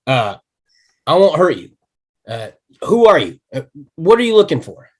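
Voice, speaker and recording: A tough, wisecracking cop who stays laid-back and wry, with a lively, swinging pitch. It is a table read done over a video call. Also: male voice, moderate pace. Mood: calm, wry.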